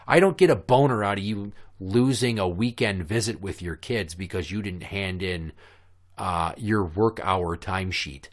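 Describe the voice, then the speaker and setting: A man with kids hosts a casual podcast, telling stories in a blunt, sarcastic, profane rant. His mid-range voice is a bit bright, recorded on a podcast microphone.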